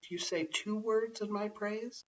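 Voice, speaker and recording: A man's voice: sits high, steady tone, unhurried, a little hiss or hum, voice pushed up. A man voicing a proud, sly male cat who walks by himself, speaking in a haughty, wheedling way, in a bedtime story reading. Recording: slightly distant, dull lo-fi home recording.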